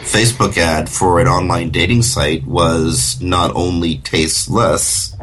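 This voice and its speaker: A man co-hosting a radio talk show, chatting casually and often halting with fillers and repeats. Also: deep voice, fairly even intonation, fairly bright tone, a little hiss or hum.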